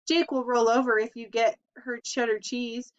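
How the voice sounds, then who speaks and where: A woman voicing an excitable small boy who chatters on and won't stop blabbing, in a storybook reading. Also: on the high side, moderate pace, smooth, lightly acted. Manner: chattering, eager. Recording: dull lo-fi recording.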